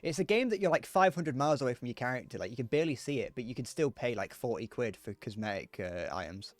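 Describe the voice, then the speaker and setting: This young livestreamer from Northern Ireland talks casually to viewers while gaming, wandering off topic and laughing at his own jokes. His voice is mid-range and animated, he talks fast, and there's no echo.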